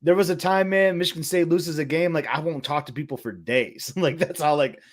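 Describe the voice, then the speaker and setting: A relaxed man co-hosts a podcast, teasing his partner in easygoing chat. His voice is slightly high, and his sentences are loose and full of filler words. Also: a little fast. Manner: laid-back, teasing, fills speech with "like". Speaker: podcast co-host. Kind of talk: casual chat.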